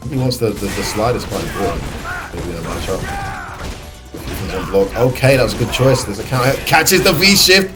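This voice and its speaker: A British man giving excitable, chatty live commentary on a fighting-game match. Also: lowish voice, brisk, over music. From United Kingdom. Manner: excitable, chatty, laughs often. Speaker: esports commentator.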